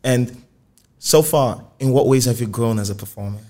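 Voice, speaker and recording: A man hosting a music podcast, asking short probing follow-up questions in a relaxed interview. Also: mid-range voice, moderate pace. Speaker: podcast host, music journalist. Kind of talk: conversational interview.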